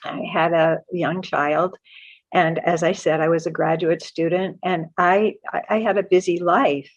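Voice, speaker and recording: An older woman with a lowish voice tells a personal story, earnest and halting, stumbling over and repeating words as she restarts. The recording sounds muffled and lo-fi. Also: fairly even intonation. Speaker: guest author sharing a spiritual story.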